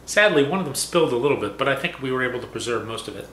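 A man co-hosting a casual whiskey review, joking around and slowly reading out product notes. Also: medium pitch, animated, pushed and bright. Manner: jokey, halting, reads aloud slowly. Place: home room. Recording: roomy echo, faint background noise.

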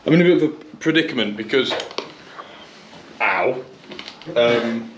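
A man's voice: mid-range voice, expressive, unhurried, muffled recording. A man, an electrician, chatting casually to viewers and thinking aloud as he works in a garage being converted to a kitchen. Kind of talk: casual explaining while working. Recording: echoey room with faint noise.

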